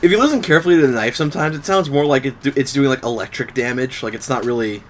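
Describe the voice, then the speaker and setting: A man's voice: medium pitch, quick pace, a little hiss or hum, rough recording. A man casually commenting while playing a shooter game, laid-back, swearing now and then and explaining the game's mechanics. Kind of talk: casual let's play commentary.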